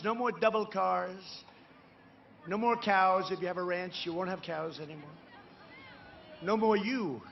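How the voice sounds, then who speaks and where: The voice of this male candidate sits high, with the highs cut off and slight background noise. At a campaign rally he rambles boastfully to the crowd, repeating asides, tossing in tag questions and breaking into sudden emphatic bursts.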